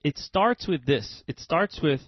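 A man with a fairly high voice banters on a radio show, cracking jokes and ribbing his co-host. The sound is dry, close and a little dull. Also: lively intonation, measured pace, no echo. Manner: joking, teasing, playful. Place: radio studio.

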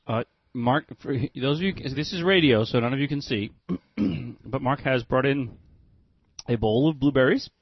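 A man's voice: medium pitch, moderate pace, gravelly, husky, no echo, dull audio. A man co-hosting a radio food show, joking and teasing his partner while he talks about fresh produce. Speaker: radio show co-host, chef. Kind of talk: casual radio banter. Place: radio studio.

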